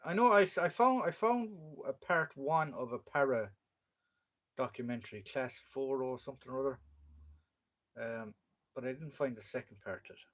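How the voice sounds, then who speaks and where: Irish man, livestream host, loose chatty delivery, plenty of ums and uhs, mid pitch. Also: lively intonation, normal speed, a bit bright. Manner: chatty and joking, with frequent fillers. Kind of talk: casual live chat reading viewer comments.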